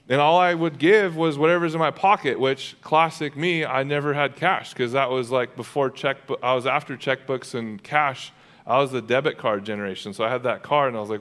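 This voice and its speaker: A man's voice: mid-range voice, quick pace. Casual, fervent male pastor preaching. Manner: casual and humorous, swelling to loud fervent preaching. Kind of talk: conversational sermon.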